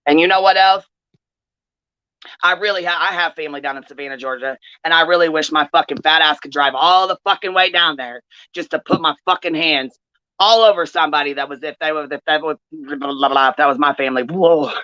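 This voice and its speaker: Female stream host, heated profane rant, sharp tense tone, muffled dry stream audio. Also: low voice, brisk, no echo. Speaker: livestream commentary host. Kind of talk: angry livestream commentary.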